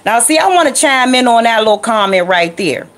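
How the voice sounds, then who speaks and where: A woman's voice: a little high, animated, a little fast, fairly bright tone, slight background noise. Sassy woman scolding a commentator. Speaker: video blogger. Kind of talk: reaction commentary.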